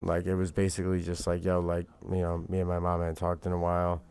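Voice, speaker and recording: A man's voice: sits low, monotone, quick pace, a little mellow, smooth. A man streaming live, talking in a rambling, profane and heated way, with "bro" and "like" at every turn. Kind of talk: livestream monologue.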